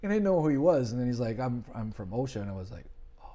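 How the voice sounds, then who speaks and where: Male podcast guest, animated storyteller, mid-pitched, casual chat. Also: rapid-fire. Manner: animated storyteller, acts out quoted voices. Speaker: podcast guest, business owner.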